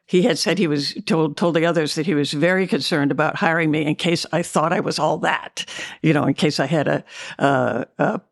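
A woman with a gravelly, fry-laden voice tells her story as an interview guest, pausing often on fillers and restarts. The sound is dry and close. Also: low-pitched, no echo. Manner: hesitant, many fillers and restarts, candid. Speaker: actress and memoir author, guest. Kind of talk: interview, recounting memories.

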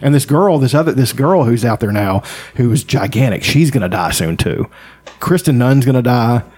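A man's voice: mid-range voice, moderate pace. Blunt, profane man. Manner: blunt, profane, animated storytelling. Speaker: podcast co-host. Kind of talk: casual chat.

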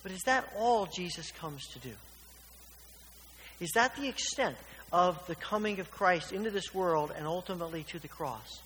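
A man's voice: high voice, animated, moderate pace, fairly bright tone. A man preaching a sermon in a church, earnest and fond of rhetorical questions. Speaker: pastor. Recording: reverberant church hall with faint hiss.

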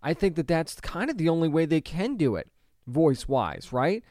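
A man's voice: on the high side, sing-song, normal speed, a little mellow, no room sound, clean studio sound. A man in his thirties or forties talking casually and emphatically to camera, asking rhetorical questions and restarting his sentences as he works through his opinion. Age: adult; grew up with a 1990s animated series, so 30s or 40s. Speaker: online movie commentator.

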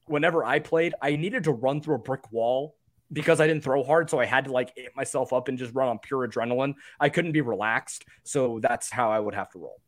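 A man's voice: medium pitch, fairly quick. A young man co-hosting a casual sports podcast, chatty and self-deprecating, laughing often. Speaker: podcast co-host.

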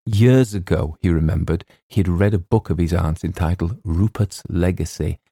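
A man reads a comic story in a deep, gravelly voice with a lot of lift and fall. His tone is dark and mellow, and it sits close and dry. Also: moderate pace, dry recording. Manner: droll, wry storytelling. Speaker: audiobook narrator. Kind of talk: scripted narration of a comic story.

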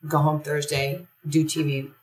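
Low-voiced woman telling a story in an echoey room. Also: measured pace. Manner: animated, acts out quoted dialogue. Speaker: podcast guest. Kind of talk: conversational storytelling. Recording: roomy echo from a distant mic.

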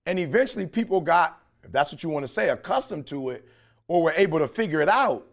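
A man's voice: fairly high pitch, expressive, quick pace. A middle-aged man from Detroit, a podcast co-host talking in a passionate, preachy way. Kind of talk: casual podcast chat.

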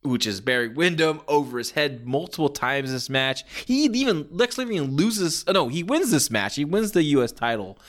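Man, forties, podcast host, casual rambling monologue, excited, lots of ums. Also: a little high, a little fast, hardly any pauses. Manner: rambling, enthusiastic storytelling with many fillers.

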